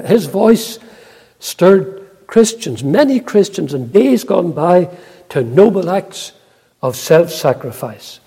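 An older man preaching a sermon in a church, earnest and unhurried, with frequent hesitant pauses. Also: fairly high pitch, dark tone, breathy edge. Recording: long reverb in a large hall.

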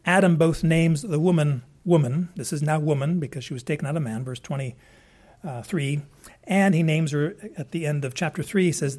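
A man teaches a passage like a sermon in a loose, conversational way, going back over words and adding asides. His voice sits a little high for a man. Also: a little mellow. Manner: conversational, with frequent restarts and asides. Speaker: preacher.

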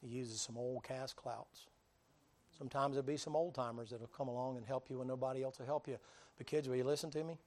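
A man preaching in a folksy drawl. He tells his story in an animated way, acts out the people in it, and now and then bursts out loudly. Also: mid-range voice, brisk. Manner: folksy, animated storytelling with acted-out voices and sudden loud bursts. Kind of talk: storytelling sermon.

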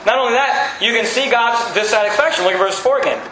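A man's voice: extremely high pitch, fast, pushed and bright. A man preaching a sermon as pastor, building emphasis and repeating words as he drives his points home. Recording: echoey room with faint hiss.

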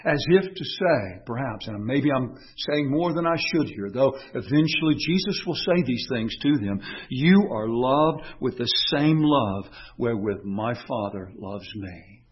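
A man preaching a sermon, swinging between raised, emphatic declarations and quiet, tender passages. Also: medium pitch, expressive, a little slow, few pauses, slightly rough, lo-fi sound. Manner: impassioned, swinging from raised, emphatic lines to quiet, soft reflection.

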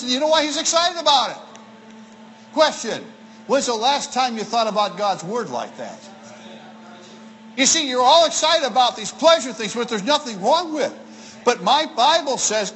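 A man preaching a folksy sermon to children and families, playful and animated, slowing down for emphasis. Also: extremely high pitch, poor audio.

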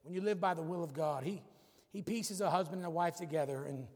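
A man's voice: fairly high pitch, fairly quick. A man preaching a casual, joking sermon in a church, using a puzzle as an object lesson. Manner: folksy and joking, says y'all. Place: church sanctuary. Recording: reverberant church hall.

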